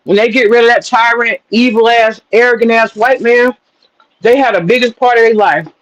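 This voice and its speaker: Profane woman, high-set voice. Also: brisk, no echo, highs cut off. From Southern US. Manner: blunt, profane, wisecracking. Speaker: livestream host. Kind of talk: casual commentary rant.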